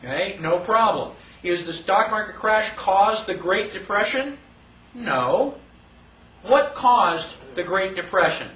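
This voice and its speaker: A man teaching a live class in a casual, conversational way, asking the room rhetorical questions and acting out quick mock quotes. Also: sits high, animated, a bit bright. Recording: echoey room from far off.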